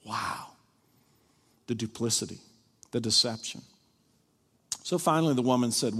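A male pastor preaching a sermon, animated, acting out the people he quotes. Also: medium pitch, unhurried, long pauses, husky. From Kentucky. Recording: long reverb of a large hall.

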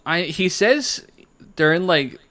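A man hosting a casual podcast chat, joking around and quick with playful comebacks. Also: high-pitched, lively intonation, bright, forceful tone.

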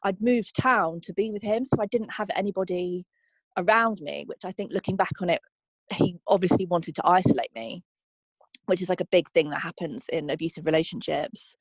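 A woman's voice: fairly low pitch, a little fast, husky, dry recording. A young woman being interviewed, telling her own story in a candid, reflective way with frequent ums and likes. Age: young adult. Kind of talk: personal testimony interview.

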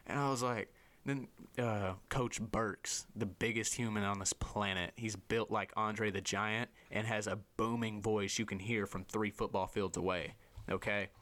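A young man talks in a slightly low voice, spinning a rambling, profane story for his guest. He jumps into higher voices for the people he quotes and keeps the telling lively and loose. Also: measured pace. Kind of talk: casual storytelling chat.

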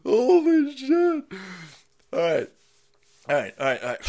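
A man hosting a livestream, ranting with heavy profanity and mockery, swinging from loud outbursts to low mutters. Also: huge pitch swings, very slow, pauses often. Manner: profane, mocking, swings between shouting and muttering, laughs often. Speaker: livestream host. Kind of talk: ranting live commentary.

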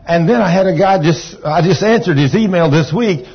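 A man's voice: high-pitched, moderate pace, breathy edge. A Texan man preaching a sermon, folksy, rambling and enthusiastic. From Texas. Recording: dull lo-fi recording.

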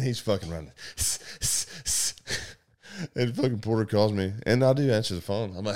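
A man who works as a sheriff's deputy, telling profane jail and patrol stories in a casual, animated way. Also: lowish voice, measured pace. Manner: profane, animated storyteller, loud when acting out the chase. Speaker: sheriff's deputy in livestock division. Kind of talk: casual storytelling.

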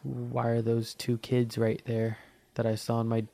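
A man's voice: mid-range voice, completely flat delivery, a little slow, vocal fry, mellow, dry recording. A man hosting a podcast in a casual, rambling monologue, swearing often and dry-mouthed from thirst. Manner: profane, rambling, heavy with fillers. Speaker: podcast host.

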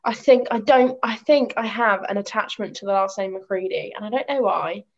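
A woman's voice: mid-range voice, moderate pace. Giggly young woman chatting, dull lo-fi sound. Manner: giggly, gushing, swears freely. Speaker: podcast co-host. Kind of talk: casual chat.

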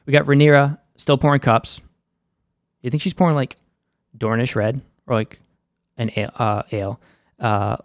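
A man's voice: medium pitch, no echo, clean studio sound. A young man with a Boston accent hosting a casual, slangy and opinionated episode recap. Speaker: show recap host.

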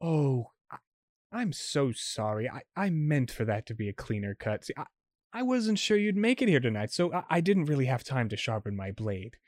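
A man's voice: medium pitch, very animated, moderate pace, a little mellow, no echo, studio quality, close to an everyday voice. A man voicing a menacing woman vampire gang leader who talks in a taunting, mock-sweet way. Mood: mock apologetic.

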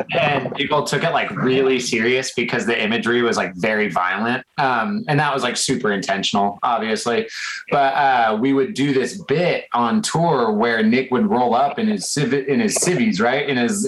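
A man's voice: medium pitch, moderate pace, low-quality recording. A young man in casual chat, telling a wild story in a loose, profane way and acting out the people in it. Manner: profane, animated storyteller who acts out quotes.

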